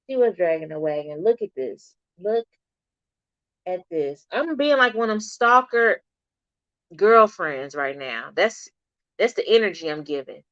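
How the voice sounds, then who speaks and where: A middle-aged woman on a livestream chats animatedly and replies to her viewers' comments in an unhurried, medium-pitched voice. The audio lacks room sound and comes across dull and slightly lo-fi.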